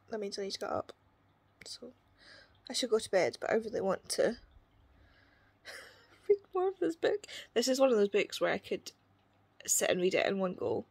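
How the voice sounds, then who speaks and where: A young woman, chatting casually about a book she is reading in a vlog, retelling scenes with quoted voices and quick asides. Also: mid-range voice, vocal fry, darkish tone, breathy edge. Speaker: book vlogger.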